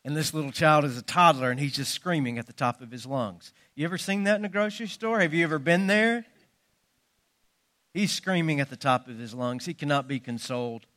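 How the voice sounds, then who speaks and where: A man's voice: a little high, a little fast, fairly bright tone. A man preaches a sermon. He tells folksy jokes and stories, leaning hard on his emphasis. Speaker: pastor.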